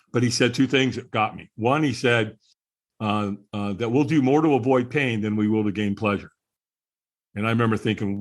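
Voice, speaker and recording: A man's voice: mid-range voice, fairly bright tone. A middle-aged man, a podcast guest, candidly telling his personal story in conversation, earnest and chuckling now and then.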